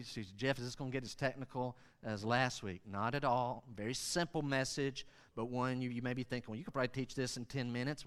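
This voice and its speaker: A middle-aged pastor preaches with animated energy, now and then acting out voices. His voice is bright and crisp, carried by the long reverb of a church hall. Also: fairly high pitch. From Western North Carolina. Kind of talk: sermon.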